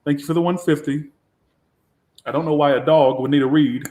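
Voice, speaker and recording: A man's voice: a little high, fairly even intonation, a little fast, dark tone. A man giving a casual live tarot reading, talking in a blunt, sassy way with a lot of swearing. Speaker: tarot reader. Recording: echoey room.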